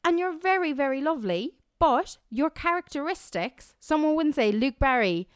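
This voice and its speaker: An Irish woman co-hosting a podcast at home, teasing and arguing in fast casual chat. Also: high voice, animated, dry recording, studio quality. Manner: teasing, argumentative, quick storytelling. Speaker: podcast co-host.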